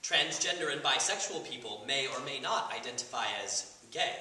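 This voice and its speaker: Guy reading a script on stage, super bright voice, big echoey room, faint hiss. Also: mid-range voice, expressive, moderate pace. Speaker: event host. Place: campus stage. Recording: echoey hall, mic far off, faint hiss.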